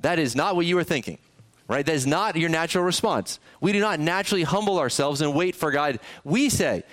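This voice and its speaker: A man's voice: fairly high pitch, lively intonation, fairly quick, a bit bright. A male pastor preaching a sermon in a conversational way, often putting questions to the congregation. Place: church sanctuary.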